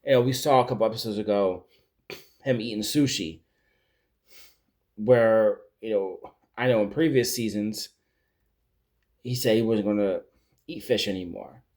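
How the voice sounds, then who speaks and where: A man with a fairly low voice recaps a TV series in a loose, chatty way. He rambles and gets animated, often stopping to search for the right word. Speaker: pop culture vlogger. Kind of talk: casual TV show recap.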